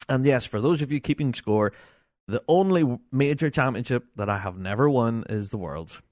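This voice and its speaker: A middle-aged man, hosting a podcast in a chatty, animated way, reading listener emails aloud and laughing often. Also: mid-range voice, a little fast, no room sound, clean studio sound. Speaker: podcast host.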